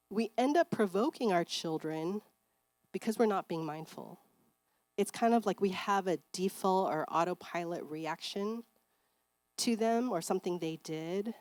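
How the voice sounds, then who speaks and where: A middle-aged woman giving a church seminar talk on parenting, chatty and animated, acting out parents and kids in bright voices. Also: fairly low pitch, no room sound. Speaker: seminar speaker.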